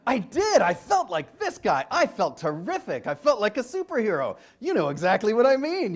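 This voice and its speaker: A man's voice: high-pitched, wildly swooping pitch, moderate pace, few pauses. A man giving a comedic keynote speech on stage to a live audience, telling a story and acting out dialogue with his doctor. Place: large hall with a live audience.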